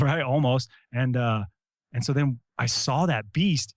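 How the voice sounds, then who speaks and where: Man, middle-aged, from the United States, casual storytelling, animated, swears a lot, dry recording. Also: medium pitch, measured pace, dry recording. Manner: animated, acts out quoted voices, swears casually, says "bro" and "right?". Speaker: guest, Army veteran.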